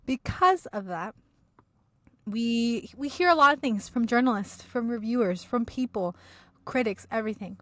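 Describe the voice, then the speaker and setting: A woman's voice: on the high side, lively intonation, moderate pace, no echo. Chatty young woman co-hosting a podcast. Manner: chatty and playful, fills talk with "like". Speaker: podcast co-host. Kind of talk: casual chat.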